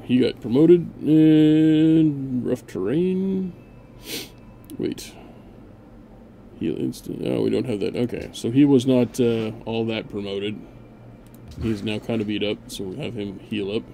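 A man's voice: fairly low pitch, creaky, mellow, slight background noise. A man hosting a gameplay video, chatting casually and barking mock-grand orders at his units with a sarcastic edge.

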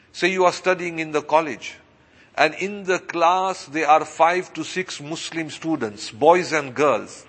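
A man's voice: high-pitched, sharp tone, husky. A man giving a sermon as an imam, asking his listeners rhetorical questions and repeating his points. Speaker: imam and preacher. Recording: long reverberant hall.

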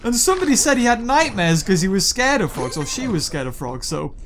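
A man hosting a gaming video, chatting and joking excitedly to his viewers while he plays. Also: high voice, fairly quick, a little hiss or hum. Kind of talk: let's play commentary.

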